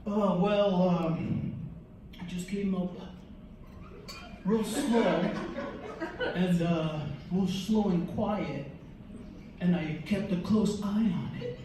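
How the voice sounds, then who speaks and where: A sheepish government official as a stand-up comic plays him stumbles slowly through his answer, full of ums and pauses. The voice sits fairly high. It is heard from a distance in a roomy space with background noise. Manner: slow, hesitant, filler-heavy. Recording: echoey club room, distant mic, background noise.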